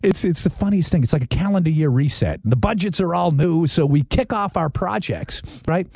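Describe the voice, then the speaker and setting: A man with a slight Boston accent hosting a radio talk show, animated and rambling, with restarts. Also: a little high, brisk, vocal fry, dry recording. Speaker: host.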